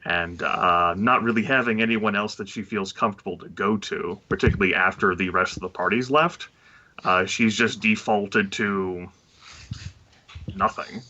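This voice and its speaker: A man with a very low but bright voice, describing what his character does in a tabletop game. He speaks slowly and haltingly, with many fillers. The audio is dull and lo-fi. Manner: slow, halting, full of fillers. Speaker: player.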